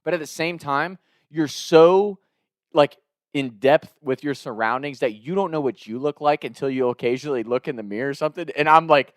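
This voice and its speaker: A young man tells a wild night-out story, swearing freely and laughing along at his own tale. His voice sits a bit high for a man. It is recorded close up in a very dry space. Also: lively intonation, normal speed, no echo. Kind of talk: casual storytelling.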